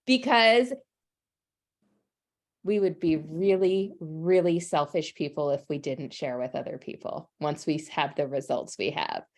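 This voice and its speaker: A woman speaking as a holistic nutritionist in casual chat, enthusiastic and earnest, slowing down to explain details. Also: medium pitch. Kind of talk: casual chat on a live stream.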